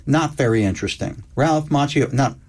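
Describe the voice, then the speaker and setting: Older man, interview guest, wry storyteller, unhurried delivery. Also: medium pitch, slightly rough. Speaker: screenwriter guest. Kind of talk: interview chat.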